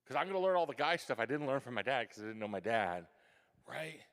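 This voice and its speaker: A man telling a childhood story to a school audience, animated and acting out his younger self with gasps and whispers. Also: mid-range voice, fast talker. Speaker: guest author speaking to a school. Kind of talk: storytelling talk to students. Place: large hall, school event. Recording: long hall reverb.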